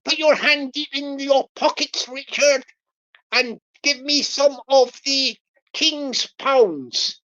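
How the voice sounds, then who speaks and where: A woman doing a pushy, cajoling male scammer who keeps repeating his begging lines. The voice sits a bit higher and louder than her plain talk, with laughs slipping through. It comes over dull, lo-fi stream audio. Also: extremely slow, long pauses, heavily acted.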